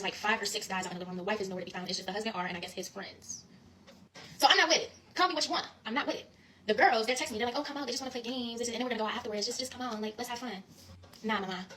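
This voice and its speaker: A young woman in her twenties tells a story in a casual, animated way. She talks very fast and stresses her points, often turning straight to her listeners as she goes. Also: mid-range voice, slight background noise, poor audio. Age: 20s. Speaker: guest storyteller.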